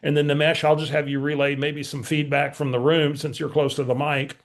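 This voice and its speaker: Gravelly coach telling a story. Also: male voice, on the high side, a little fast. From San Antonio, Texas. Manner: animated storyteller, voices both sides of a phone call. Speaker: real estate team leader and coach. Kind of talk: storytelling talk to a team meeting. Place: meeting room with remote attendees.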